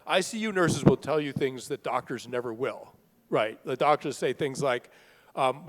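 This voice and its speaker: A middle-aged man telling a personal story to a live audience, talking in a conversational, halting way with fillers and restarts. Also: on the high side, lively intonation. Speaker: author speaking at a book festival. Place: large hall at a live event. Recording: long reverb of a large hall.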